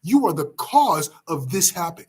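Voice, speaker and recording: A man's voice: a little high, very animated, husky, full character voice. A man doing a furious giant warrior prince. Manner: raging, slow and emphatic.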